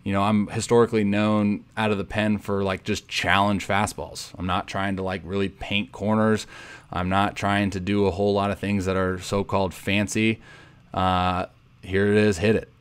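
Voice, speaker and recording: Young male pitcher, deep clear voice, easygoing and rambling commentary over his own footage. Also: level tone, normal speed. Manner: laid-back, rambling, full of "like" and "you know". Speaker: pro baseball pitcher. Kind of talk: casual breakdown of game footage.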